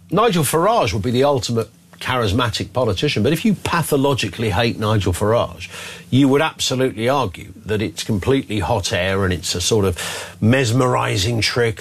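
A man hosting a talk radio phone-in, his voice a little husky. He sounds conversational and opinionated, at a middle pitch, and talks callers through the issues in a relaxed, chatty way. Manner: conversational, opinionated, reads out listener messages.

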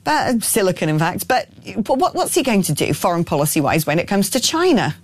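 A woman's voice: mid-range voice, very animated, a little fast, husky, dry recording. A woman presenting a political talk show, asking pointed questions in a sardonic, opinionated way.

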